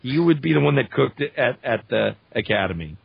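A man's voice: mid-range voice, moderate pace, vocal fry, husky, no echo, highs cut off. A man from Louisiana, a voice actor chatting casually on a podcast and telling stories animatedly. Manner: animated storyteller, slips into voices. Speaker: voice actor guest.

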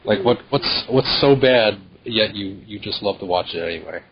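A man's voice: on the low side, moderate pace. A man co-hosting a podcast, speaking casually and hesitantly with many fillers. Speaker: podcast co-host. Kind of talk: casual chat. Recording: dull lo-fi audio with faint noise.

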